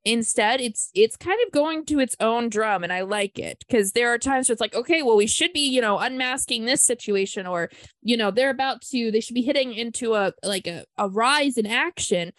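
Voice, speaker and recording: A woman's voice: fairly high pitch, expressive, normal speed, no echo. Enthusiastic woman podcast host, dry mic. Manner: enthusiastic, chatty, many fillers. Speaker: book club podcast host. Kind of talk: casual book discussion.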